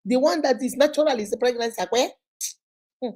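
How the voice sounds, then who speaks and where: A middle-aged Nigerian woman hosting a relationship advice talk, telling stories with lively, acted-out quotes. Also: high voice, a little fast. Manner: lively storytelling, acts out quoted voices, frequent laughter. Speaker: host answering relationship questions. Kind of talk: animated casual advice talk.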